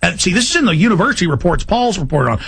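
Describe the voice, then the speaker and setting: A man hosting a talk radio show, ranting fast and getting agitated, often rising to shouts. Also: sits high, sing-song, gravelly, slightly rough. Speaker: radio host. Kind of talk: heated talk radio rant.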